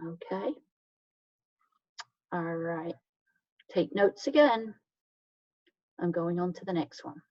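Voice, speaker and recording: A woman's voice: lowish voice, a little mellow, no room sound. Woman teacher with a distant, dull sound. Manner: patient, explains step by step, often checks with "okay?"; reads example sentences slowly and clearly. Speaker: English teacher. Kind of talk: grammar lesson for learners. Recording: dull, distant mic in a dry room.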